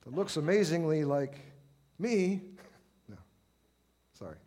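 A middle-aged man preaching a sermon, impassioned, swelling to loud pleading when he acts out prayers. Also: a little high, very animated, slow pace.

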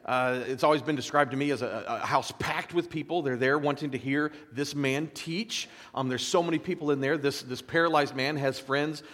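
A man giving a sermon, reading scripture and explaining it in a casual, animated storytelling way with asides. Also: mid-range voice, normal speed, few pauses. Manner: casual, conversational preaching with fillers. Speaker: preacher. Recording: long hall reverb.

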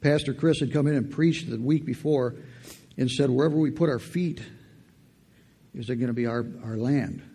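A man's voice: medium pitch, moderate pace, dark tone, slightly rough. A man giving a testimony sermon in church, telling a personal story and building to fired-up preaching with call-and-response. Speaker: lay preacher.

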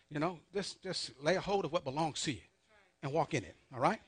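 A man preaching a sermon, leading call-and-response and repeating key points slowly and emphatically. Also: fairly high pitch, husky, no room sound. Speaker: pastor leading a Bible study.

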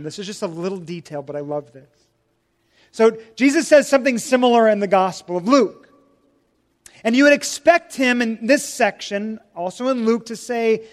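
A man preaching a sermon as pastor, swinging from loud emphatic lines to hushed quiet ones. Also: high-pitched, animated, normal speed, long reverb tail.

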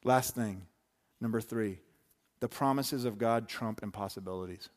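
A man's voice: on the low side, moderate pace. Conversational male pastor preaching. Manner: animated, conversational, with asides and restarts. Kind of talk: sermon.

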